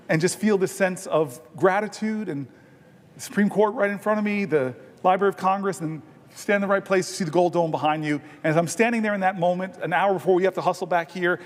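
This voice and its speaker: A man, a senator holding the floor, telling a personal story with self-deprecating humor in an extemporaneous floor speech in a large legislative chamber. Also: high voice. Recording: long chamber reverb.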